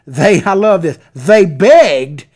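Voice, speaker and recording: A man's voice: high-pitched, animated, slow, darkish tone. A man hosting a political talk show, delivering opinionated commentary in a folksy, sarcastic way. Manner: folksy, sarcastic, mocking impressions.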